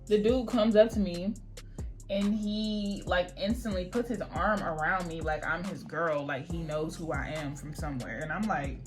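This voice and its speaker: A woman's voice: fairly low pitch, moderate pace, faint music behind. Chatty young woman telling a storytime. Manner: chatty, slangy, exasperated storytelling. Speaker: beauty vlogger. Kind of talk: get-ready-with-me storytime. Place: at home doing her hair.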